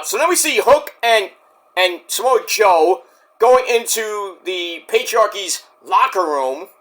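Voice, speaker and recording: A man with a high, lively voice talks through a wrestling episode in a loose, profane rush. His tone is bright and he swings all over his range as he mimics the wrestlers. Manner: profane, excitable, acts out quotes. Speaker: wrestling reviewer. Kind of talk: casual show recap with impressions.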